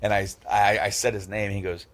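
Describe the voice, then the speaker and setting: A man in his thirties hosts a casual podcast, telling stories in a low-pitched voice. He gets animated and acts out each person he quotes, his voice jumping up for the punchlines. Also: brisk. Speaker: podcast host. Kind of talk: casual storytelling chat.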